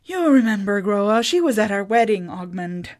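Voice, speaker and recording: A practical farm woman with little patience, speaking briskly and matter-of-factly, voiced by a woman narrator. Her tone stays plain and direct in a storybook reading. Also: mid-range voice, sing-song, darkish tone, close to an everyday voice.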